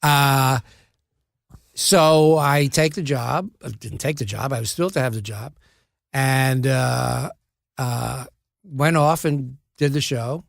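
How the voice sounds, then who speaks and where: Older guy in his 70s, gravelly voice, dry close mic, telling funny self-deprecating stories with lots of restarts. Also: medium pitch, takes it slowly, no echo. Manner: wry, self-deprecating storyteller with frequent restarts. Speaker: actor, podcast guest. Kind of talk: casual anecdotal storytelling.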